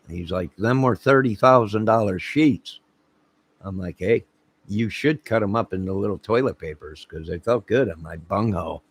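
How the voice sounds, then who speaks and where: Channel host, male, low husky voice; slow, rambling comic storyteller who acts out quotes. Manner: laughs at own jokes, acts out quotes. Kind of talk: rambling comic anecdote to camera.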